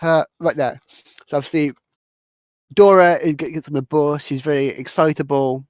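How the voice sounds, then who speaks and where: A man's voice: a little high, fairly even intonation, moderate pace, no room sound. A young British man hosting a casual podcast, recapping a movie in a rambling way with lots of fillers. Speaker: podcast host.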